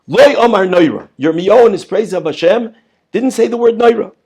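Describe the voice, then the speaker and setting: A man's voice: high voice, brisk, darkish tone, husky. A male rabbi giving an emphatic lesson on prayer, repeating words and asking rhetorical questions. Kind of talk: Torah lesson.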